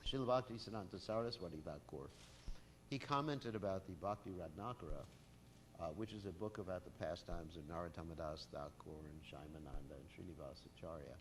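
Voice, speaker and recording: Deep-voiced man giving a casual scripture lecture. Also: fairly quick, slight background noise. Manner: casual storytelling with frequent fillers. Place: temple hall with a masked audience.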